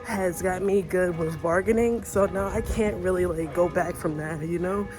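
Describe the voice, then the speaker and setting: A woman's voice: on the low side, moderate pace. A young woman from the United States chatting casually into her phone while walking and shopping outdoors, rambling with lots of fillers. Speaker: vlogger. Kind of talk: casual travel vlog. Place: outdoors on city streets and markets. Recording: music playing underneath.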